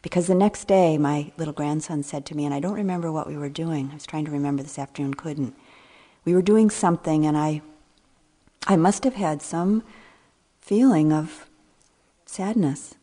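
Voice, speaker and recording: Low husky older woman teaching meditation. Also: mellow. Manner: slow, reflective, trailing phrases, sometimes dropping to a near whisper. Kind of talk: dharma talk.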